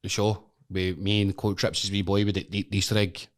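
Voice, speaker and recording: Sweary animated Scottish man. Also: deep voice, brisk. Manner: sweary, animated, laughs through stories. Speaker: podcast guest, wrestler. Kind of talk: casual storytelling chat.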